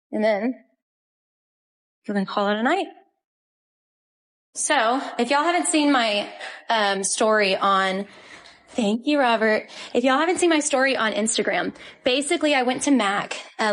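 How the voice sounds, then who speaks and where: Chatty young woman with lively pitch. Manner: chatty, gushing baby talk to her dogs. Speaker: livestream host. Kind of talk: casual live-stream chat. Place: home, indoors.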